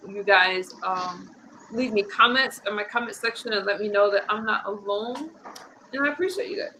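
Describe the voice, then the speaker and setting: Woman stream host, bright-toned, rambling casual chat. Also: mid-range voice, moderate pace, slight background noise, low-quality recording. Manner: chatty, rambling, frequent restarts. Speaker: host of a political commentary stream.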